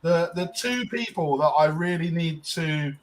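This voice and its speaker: A man's voice: on the high side, lively intonation, a little slow, rough recording. A man co-hosting a podcast, telling a long casual story with lots of ums and restarts. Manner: rambling, frequent ums and restarts. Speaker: podcast co-host.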